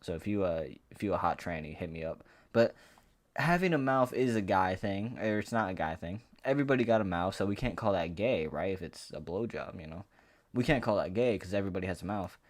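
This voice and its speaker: Guy with a lowish voice going off on a fighting vlog, cussing, rambly, heated. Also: lively intonation, fairly quick. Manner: profane, heated, rambling with restarts. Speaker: MMA commentary vlogger. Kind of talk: ranting casual monologue to camera.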